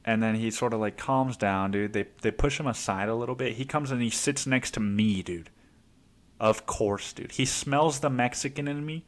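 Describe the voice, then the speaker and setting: A man hosting a podcast, telling a story in a casual, profane, rambling way, with "dude" in nearly every phrase and quick put-on voices for the people in it. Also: mid-range voice. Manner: acts out other people's lines in quick voices. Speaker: podcast host.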